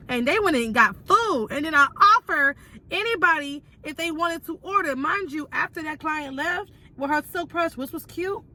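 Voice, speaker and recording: A woman's voice: high voice, moderate pace, pushed and bright. A young adult woman telling a storytime vlog, retelling events with emphatic repeats and asides. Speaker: vlogger.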